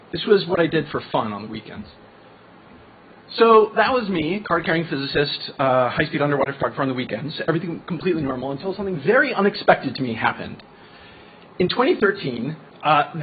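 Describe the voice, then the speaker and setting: Chatty man with a higher voice, tinny line. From Colombia. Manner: chatty, self-deprecating, storytelling. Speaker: physicist turned ocean founder, panelist. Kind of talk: personal talk at a panel. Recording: tinny phone-like line with faint noise.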